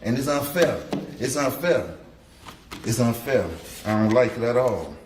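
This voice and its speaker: A man's voice: medium pitch, animated, a little slow, a little mellow, distant mic. Grieving father addressing a courtroom. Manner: emotional, blunt, colloquial. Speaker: victim's father giving an impact statement. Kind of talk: courtroom victim impact statement. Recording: roomy courtroom, mic from afar, faint hiss.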